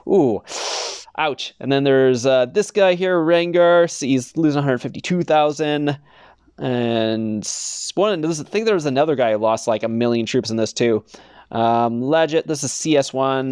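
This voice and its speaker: A man's voice: a little high, darkish tone, clear, resonant tone, no echo, clean studio sound. A young man hosting a gaming channel, chatting casually over gameplay footage, rambling with lots of fillers and frequent chuckles. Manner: rambling, laughs often, many fillers.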